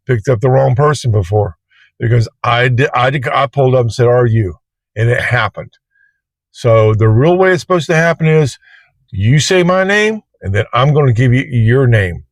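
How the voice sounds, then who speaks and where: A man's voice: medium pitch, no echo. A man who drives for a ride service, telling a story to camera in a casual, colloquial, rambling way from inside his parked car. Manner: plain-spoken, colloquial, rambling. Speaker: Uber driver and vlogger.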